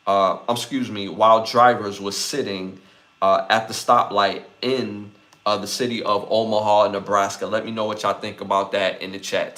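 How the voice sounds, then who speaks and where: Slangy Brooklyn man hosting a podcast. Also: on the low side. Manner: repeats phrases, gives shout-outs, loose slangy delivery. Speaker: podcast host. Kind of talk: live podcast chat with viewers.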